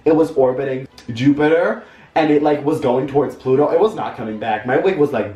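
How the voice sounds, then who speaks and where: In this storytime vlog, a young man recounts a campy, dramatic tale from his childhood at a moderate pace, his tone animated and somewhat dark. He keeps slipping into high-pitched voices. It sounds like an echoey room, with the mic at a distance and music running beneath him.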